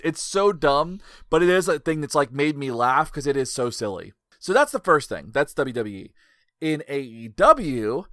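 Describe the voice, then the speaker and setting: A man hosting a casual podcast chat, telling stories in an animated way and swearing freely. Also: on the high side, no echo, clean studio sound.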